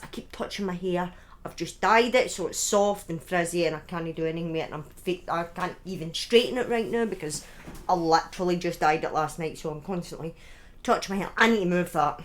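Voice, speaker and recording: A woman chatting casually to her viewers on a live stream from home, excitable and thanking people by name. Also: fairly low pitch, fairly quick. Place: at home in front of a webcam.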